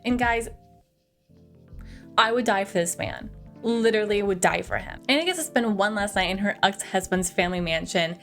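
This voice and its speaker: A woman's voice: mid-range voice, animated, moderate pace, fairly bright tone, soft background music. A young woman chatting casually through a film review, gushing and chatty, with a lot of "like". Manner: gushing, chatty, heavy use of "like".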